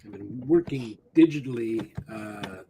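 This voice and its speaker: A man's voice: lowish voice, animated, measured pace, mellow, a little hiss or hum. A man chatting casually on a video call, rambling through a story and swearing freely. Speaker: guest artist. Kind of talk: casual live-stream chat.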